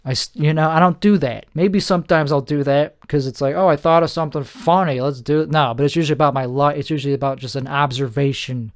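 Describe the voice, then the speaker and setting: A man's voice: fairly high pitch, steady tone, quick pace, few pauses. Tired man rambling through a solo podcast. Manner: meandering, self-deprecating, trails off mid-sentence. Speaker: podcast host. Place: at home.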